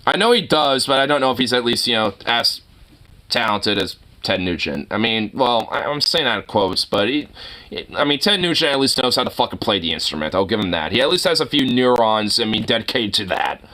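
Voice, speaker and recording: A man giving profane, rambling reaction commentary on a video, excitable and swearing constantly. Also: mid-range voice, fairly quick. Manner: excitable, swears constantly, breaks into outraged shouts.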